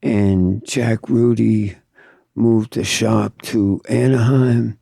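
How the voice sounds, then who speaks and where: A man's voice: fairly low pitch, steady tone, very slow, gravelly, dark tone, dry recording, clean studio sound. An older man from Southern California, a tattoo artist telling stories in a laid-back, profane drawl as an interview guest. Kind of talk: casual storytelling.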